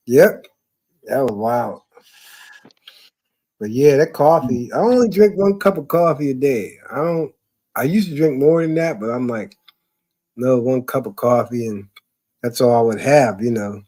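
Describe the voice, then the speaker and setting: A man's voice: medium pitch, measured pace, long pauses, mellow. A man telling loose, profane stories in casual chat, rambling with fillers and laughing often. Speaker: podcast talker.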